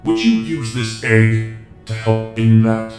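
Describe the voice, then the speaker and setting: A man doing a stern crab-legged cyborg elder who speaks formally and slowly, in a flat, unchanging tone. Guitar music plays loudly behind the echoey voice. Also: on the low side. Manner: measured and formal. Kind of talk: tabletop role-play voicing.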